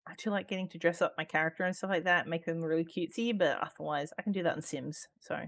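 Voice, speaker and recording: A woman's voice: lowish voice, fast talker. An Australian woman chatting casually as a podcast guest, talking freely with lots of ums, swearing and laughter. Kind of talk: casual chat.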